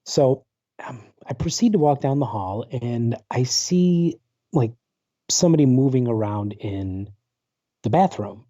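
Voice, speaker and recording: Joining a talk show by video call, a paranormal researcher in his forties tells a personal story in a rambling, casual interview, with plenty of fillers and restarts. His medium-pitched voice is expressive, warm, and unhurried, recorded dry over dull lo-fi internet call audio.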